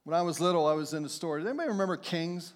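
A male pastor with a high-pitched voice delivers a lively, story-driven sermon. His voice rings out with a long reverb tail, as if in a large church sanctuary. He speaks straight to the congregation. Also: racing. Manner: storytelling, animated, acts out shouts and quotes.

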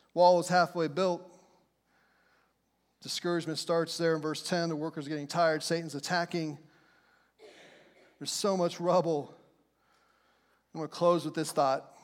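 High-voiced fervent male preacher. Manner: fervent and conversational, asks the crowd questions. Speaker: pastor. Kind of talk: sermon. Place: church sanctuary. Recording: long reverb of a large hall.

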